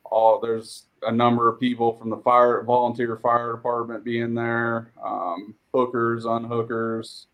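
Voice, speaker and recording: A man who is a guest on a podcast, organizing a local tractor pull, chatting casually and telling stories in a relaxed way. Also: medium pitch, a little slow, hardly any pauses, low-quality recording. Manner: storytelling, relaxed, animated when telling stories. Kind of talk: casual chat.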